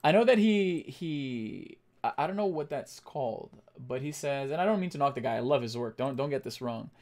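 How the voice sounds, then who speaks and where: A young man on a casual live stream, thinking aloud as he works and chatting back to his viewers, with lots of halting fillers and restarts. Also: medium pitch, lively intonation, darkish tone. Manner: thinks aloud, reads chat and answers it.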